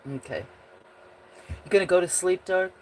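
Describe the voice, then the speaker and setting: A woman's voice: lowish voice, normal speed, a little mellow, slight background noise. A woman hosting a casual livestream, chatting with viewers in a rambling way and often breaking into giggles. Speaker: livestream host.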